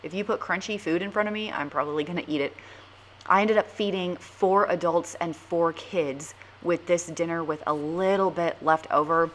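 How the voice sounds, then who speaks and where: A woman's voice: lowish voice, fairly even intonation, moderate pace, fairly bright tone, a little hiss or hum. A mom hosting a casual cooking vlog from her home kitchen, chatty and jokey as she walks through family dinners.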